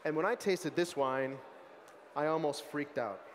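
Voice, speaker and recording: An American man, a young adult sommelier, giving an animated, chatty wine tasting talk full of asides and fillers at a food market event. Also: on the high side, unhurried, long reverb tail, slight background noise. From United States. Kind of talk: lively tasting presentation.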